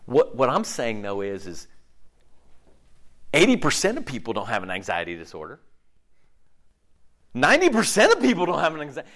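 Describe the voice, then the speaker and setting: A man preaching a sermon in a conversational style, often checking in with the listeners and acting out his own inner dialogue. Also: high-pitched. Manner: animated, conversational preaching with frequent "okay?" check-ins; acts out inner dialogue in shifting voices. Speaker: pastor.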